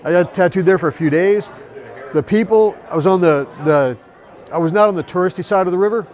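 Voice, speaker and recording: A man, a tattoo artist, telling travel stories in casual chat, animated and profane. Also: sits high, fairly quick, a faint crowd. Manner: profane, animated storytelling with quoted voices. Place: busy tattoo convention.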